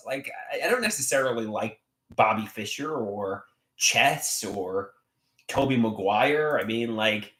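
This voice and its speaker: Rambling, theatrical man with a lively voice. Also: measured pace, echoey room. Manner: rambling, theatrical swings in pitch and volume. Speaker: livestreamer. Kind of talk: casual livestream chat reading comments.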